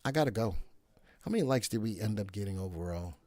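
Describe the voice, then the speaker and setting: Lively man hosting a live stock stream. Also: on the low side, quick pace, no echo. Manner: animated, thinks aloud, repeats his own phrases. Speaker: stock market show host.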